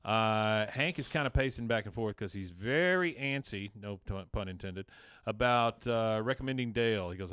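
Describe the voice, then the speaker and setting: A man hosting a podcast, retelling an episode in a casual, animated way and acting out quoted lines. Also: lowish voice, moderate pace, few pauses, smooth, dry recording, clean studio sound. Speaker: podcast host. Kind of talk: casual recap chat.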